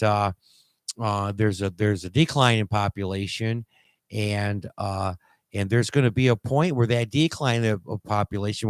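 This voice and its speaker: A man hosting a call-in talk show, rambling and halting with many fillers and restarts as he reads posts aloud. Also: on the low side, no room sound. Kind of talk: casual call-in show commentary.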